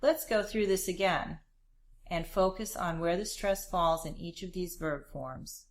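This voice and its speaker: A woman narrating a scripted language lesson, explaining grammar in a clear, measured way. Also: lowish voice. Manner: clear, measured instructional delivery. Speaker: language teacher.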